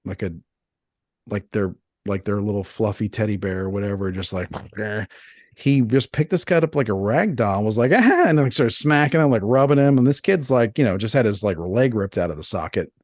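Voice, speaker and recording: Rambling man with a deep dry voice. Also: brisk, no room sound. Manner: rambling, crude, animated storytelling. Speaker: podcast co-host. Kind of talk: casual podcast banter.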